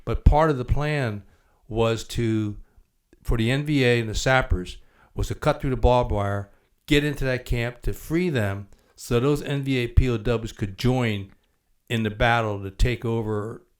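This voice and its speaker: A man's voice: mid-range voice, unhurried. An older man hosting an interview, affably prompting his guest with follow-up questions and added detail. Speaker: podcast host.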